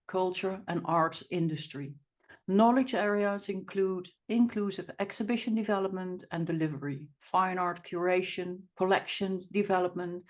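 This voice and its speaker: A woman with a Dutch accent, hosting an interview podcast and talking in a chatty way with some halting restarts. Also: fairly low pitch, a little mellow. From Netherlands. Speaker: podcast host.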